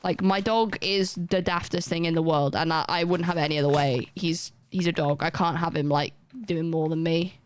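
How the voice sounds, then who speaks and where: A woman's voice: fairly low pitch, fairly even intonation, smooth. Chatty woman streaming. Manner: rambling, chatty, self-deprecating, quick asides. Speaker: live streamer. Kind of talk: casual chat while gaming.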